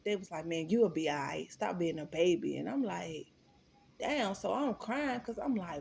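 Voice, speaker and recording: A young woman with a low, gravelly voice talks straight to her viewers in a casual storytime vlog. She is candid and profane and keeps calling them y'all, with a faint hiss behind her. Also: lively intonation, normal speed, darkish tone. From Florida.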